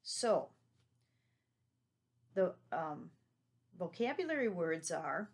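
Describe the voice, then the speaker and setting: A woman's voice: mid-range voice, animated, moderate pace. A woman teaching a remote lesson to young children, patient and leading them along with tag questions.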